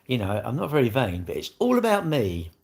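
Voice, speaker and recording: This man, a livestream host, has a medium-pitched, darkish voice with a breathy edge, and his pitch swoops wildly as he talks fairly quickly. In casual live-stream chat he rambles, makes self-mocking jokes, says hi to viewers and throws them asides.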